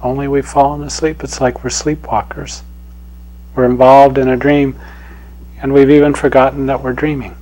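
A man giving a spiritual talk as a teacher, telling a parable in an unhurried, gently chuckling way. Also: medium pitch, little pitch movement, rough recording.

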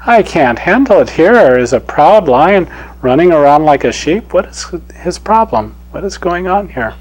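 A man's voice: fairly high pitch, very animated, normal speed, voice pushed up, rough recording. A man voicing a proud adult male lion who scolds a lion cub acting like a sheep, in a storybook telling. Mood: indignant. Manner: scolding, incredulous.

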